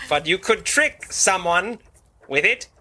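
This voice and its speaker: An excitable tabletop player who laughs a lot and talks in quick bursts. His voice is fairly high and bright, a bit husky. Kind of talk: casual tabletop play.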